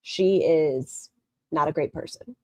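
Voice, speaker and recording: A woman's voice: low-pitched, takes it slowly, dark tone, no room sound. A woman hosting critical reaction commentary, blunt and sarcastic. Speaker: commentary host.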